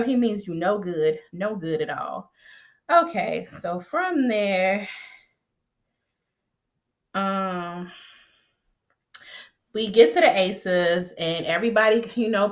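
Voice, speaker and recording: A woman casually recapping a TV episode, retelling scenes in lively quoted voices with slang and laughter. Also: mid-range voice. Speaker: TV recap vlogger.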